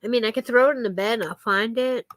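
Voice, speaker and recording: A woman's voice: a little high, quick pace, a bit bright, no echo. A woman chatting casually with viewers on a live stream, giggling often and thanking them by name.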